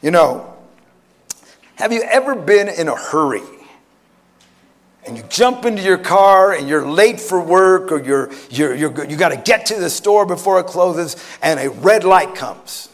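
High-voiced pastor preaching. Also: male voice, measured pace. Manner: animated preaching, swinging from loud to hushed. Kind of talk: sermon. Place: conference hall, live audience.

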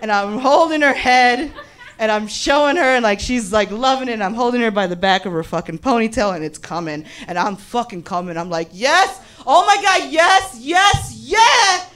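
A woman doing live stand-up, telling a raunchy story in a brash, profane and animated way, often laughing through her lines. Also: mid-range voice, brisk. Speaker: stand-up comedian.

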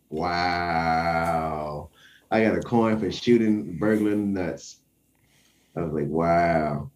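A man's voice: sits low, normal speed, darkish tone. A young man telling a story in casual conversation, acting out the quoted voices and chuckling often.

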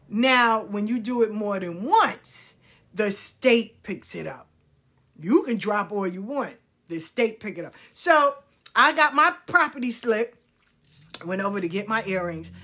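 This storyteller speaks in a fairly high voice, recounting her own life frankly and profanely. Her animated delivery jumps between soft asides and loud outbursts.

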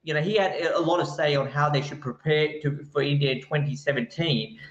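Male guest author, insistent and animated; roomy, dull remote recording. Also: on the high side, fairly quick. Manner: animated, insistent, repeats points. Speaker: guest author, cricket writer. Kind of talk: casual cricket podcast chat.

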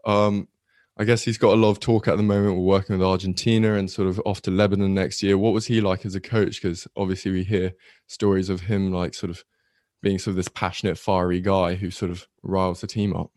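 A man hosting a podcast, with a very deep voice. He asks long, rambling questions full of hedges. The recording is dry and close. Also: flat delivery, a little fast, darkish tone, dry recording. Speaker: podcast host. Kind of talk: casual podcast interview.

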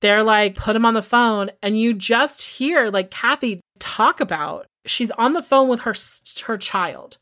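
A woman in her thirties co-hosting a podcast, recapping in casual chat and swearing freely as she gets animated. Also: fairly high pitch, measured pace, hardly any pauses, no echo, studio quality. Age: 30s. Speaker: podcast co-host.

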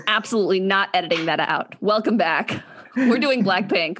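A woman hosting a casual podcast, talking quickly and steering the segments. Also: medium pitch, fairly bright tone. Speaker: podcast host.

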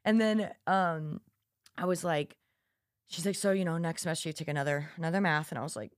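A woman's voice: low voice, fairly even intonation, brisk, no room sound, studio quality. A young woman who is a college student co-hosting a podcast, chatting casually and acting out the quotes in her stories. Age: young adult. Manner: chatty storyteller, acts out quotes. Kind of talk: casual chat.

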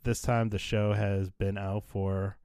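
A man's voice: fairly low pitch, little pitch movement, slow, darkish tone, smooth, no room sound, clean studio sound. An American man hosting a podcast, chatting casually in a wry, sarcastic manner and swearing freely. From United States. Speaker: podcast host. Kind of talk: casual chat.

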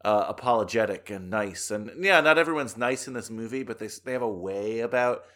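A man's voice: on the low side, fairly quick, fairly bright tone. An American man hosting a film podcast, chatting casually and enthusiastically and laughing often. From United States. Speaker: podcast host.

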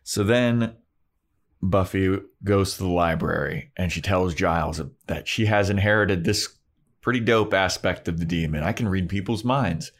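A man's voice: low-pitched, moderate pace. A young man co-hosting a podcast, casually recapping an episode and acting out the characters' lines with swearing and laughter. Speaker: podcast co-host.

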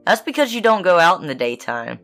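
A woman's voice: lowish voice, big pitch swings, fast talker, fairly bright tone, soft background music. A woman voicing a sly, greedy female cat in a fairy tale, speaking sweetly and persuasively. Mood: coaxing.

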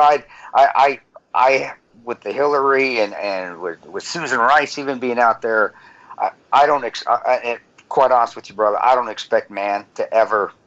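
A lower-pitched man talks earnestly as a podcast host, stumbling over his words with many restarts. The recording sounds a little dull and lo-fi. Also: a bit bright. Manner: halting, stammering, earnest. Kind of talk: casual podcast conversation.

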